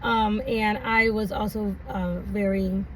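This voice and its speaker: A woman's voice: medium pitch, flat delivery, takes it slowly. A woman telling a personal story in a casual, rambling way, laughing often and using many fillers. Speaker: vlogger. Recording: distant mic, faint background noise.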